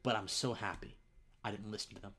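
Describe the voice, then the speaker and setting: Earnest young man, halting and emotional. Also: on the low side, steady tone, fairly bright tone, slightly rough. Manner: earnest, halting, repeats words, drops to near-whispers. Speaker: political podcaster and streamer. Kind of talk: emotional live-stream monologue.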